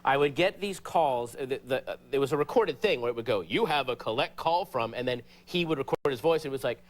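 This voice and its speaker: A man on a late-night talk show, telling a comic story with animated delivery and sudden high shouted impressions. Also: fast. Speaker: comedian guest.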